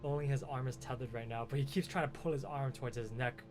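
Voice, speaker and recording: A man's voice: medium pitch, fairly even intonation, over music. Man narrating a tabletop game. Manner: halting, restarting descriptive narration. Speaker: game master.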